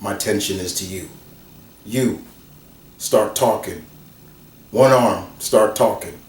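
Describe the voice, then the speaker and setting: Guy doing a gruff vampire hunter, short and cursing, slow, echoey room from a ways off. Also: lowish voice. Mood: gruff, threatening. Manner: curt, profane, demanding. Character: tough gruff male vampire hunter, blunt and menacing. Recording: roomy, from a distance.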